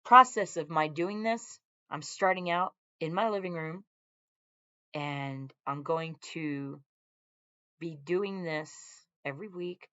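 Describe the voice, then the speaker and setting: Low-pitched and slow, with a sharp edge, this woman's voice is muffled in the recording. She's a military veteran and vlogger on a casual home live stream from her living room, easily sidetracked as she wanders between tangents and addresses her dogs and viewers.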